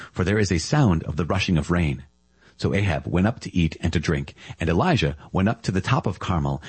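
A man reading scripture aloud in a measured, solemn scripted delivery. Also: deep voice, a little mellow, breathy edge, no room sound. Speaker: Bible reader.

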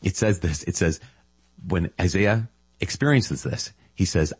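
A man's voice: deep voice, unhurried, breathy edge, dry recording. A man giving a casual, enthusiastic reflection on scripture as a Catholic preacher, often marvelling aloud.

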